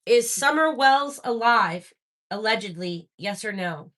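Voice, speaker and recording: A woman hosting a live-stream spirit box session, excitable and talking straight to her viewers. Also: a little high, a little slow.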